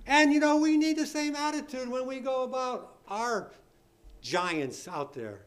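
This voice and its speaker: A man's voice: extremely high pitch, big pitch swings, a little slow. A man preaching a sermon, reading scripture aloud with rising emphasis and asking his listeners rhetorical questions.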